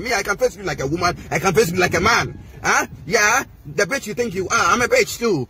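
High-voiced Ghanaian man ranting. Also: expressive, fairly quick, few pauses, bright, forceful tone, a little hiss or hum. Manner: heated, mocking, mixing languages. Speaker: social media personality. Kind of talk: confrontational rant to camera.

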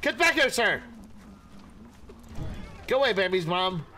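A gaming streamer with a high, sharp, very animated voice keeps a measured pace through a playful let's-play, with slight background noise. He offers goofy running commentary, chats to the animals in the game, sings, and yelps in panic.

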